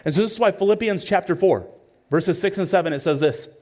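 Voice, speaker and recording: A man in his thirties, a pastor preaching a sermon with earnest storytelling that swings between hushed and urgent. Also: sits high, quick pace. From California.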